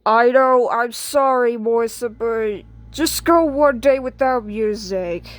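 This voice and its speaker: A woman playing the calm, patient owner in a homemade skit, speaking in a low-key way. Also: slow, no echo. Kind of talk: homemade skit role-play.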